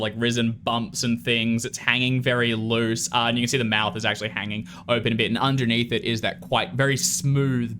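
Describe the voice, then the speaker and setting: A man narrating as game master of a tabletop horror game, unhurried and halting with fillers. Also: medium pitch, noisy background.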